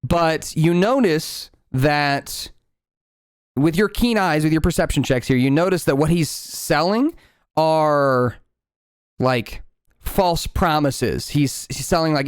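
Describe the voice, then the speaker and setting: A man's voice: on the high side, slow pace, clear, resonant tone, no echo, clean studio sound. A man running a tabletop game as game master, narrating loosely with lots of fillers and restarts.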